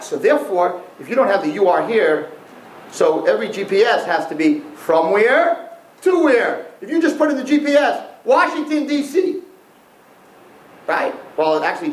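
A man giving a humorous Torah lecture, animated and checking in with listeners with a frequent "right?". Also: high-pitched, moderate pace, echoey room, rough recording. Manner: animated, repeats "right?" to the audience. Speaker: religious teacher.

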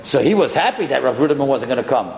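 A man's voice: medium pitch, fast talker. A man, a rabbi, telling a story aloud and acting out each person's lines. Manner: animated, acts out dialogue. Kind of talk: storytelling talk. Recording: echoey hall with faint noise.

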